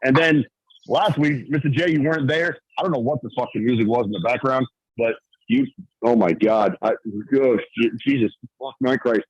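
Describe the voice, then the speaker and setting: Profane husky-voiced male caller. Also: mid-range voice, moderate pace, no room sound, lo-fi sound. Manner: profane, exasperated, comic griping. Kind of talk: voicemail call-in rant.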